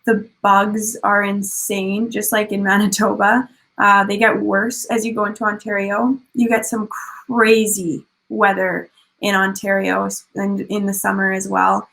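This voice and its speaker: Chatty young woman with a gravelly edge. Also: mid-range voice, unhurried, rough recording. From Canada. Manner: animated, chatty, many fillers and restarts. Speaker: speaker sharing a personal journey. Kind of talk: casual storytelling over photos.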